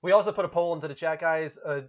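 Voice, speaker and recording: Male show host: brisk, a touch higher-pitched, running the segments. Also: lo-fi sound. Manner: runs the show, reads polls and chat. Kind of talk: casual gaming news chat.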